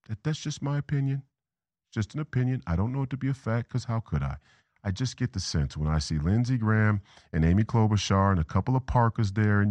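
The recording is dry, and the man's voice sits low. He hosts a political talk show from a Minnesota background, rambling through a commentary monologue where he restarts and repeats words and drifts off topic.

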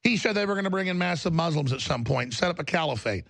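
A man's voice: a little high, animated, fast talker, creaky, a bit bright, no echo. A man hosting a broadcast, delivering a fervent, ranting monologue with emphatic repetition. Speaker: talk show host.

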